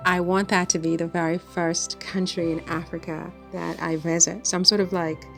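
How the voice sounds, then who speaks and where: Chatty woman with a gravelly low voice. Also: little pitch movement, moderate pace, bright, forceful tone, soft background music. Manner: rambling, chatty, laughs often. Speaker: vlogger. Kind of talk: casual chat to camera. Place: home in France.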